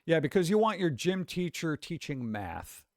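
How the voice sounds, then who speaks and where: A man's voice: on the high side, very animated, moderate pace, a little mellow, dry recording, clean studio sound. A man who grew up on the East Coast, ranting casually on a livestream, reading posts aloud and cutting in with blunt, profane, sarcastic asides. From East Coast of the United States. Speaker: streamer reading chat and posts.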